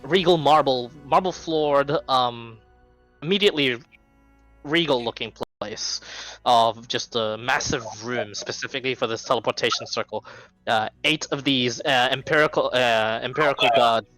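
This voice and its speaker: Brief: male game master, bright tone, rambling streamed tabletop narration, soft background music. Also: mid-range voice, normal speed, low-quality recording. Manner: rambling narration full of ums and restarts.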